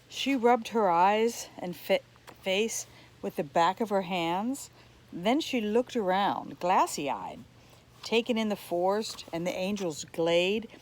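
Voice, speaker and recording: A woman reads a novel chapter aloud at a slow, unhurried pace. Her pitch moves in a lively way as she tells the story with expression. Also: a little hiss or hum, low-quality recording. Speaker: audiobook reader.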